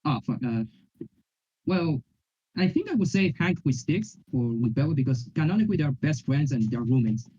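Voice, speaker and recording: A man's voice: fairly high pitch, sing-song, moderate pace, mellow, husky. A man in his twenties co-hosting a casual podcast, stammering and teasing, on a muffled mic. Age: 20s. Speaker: podcast co-host.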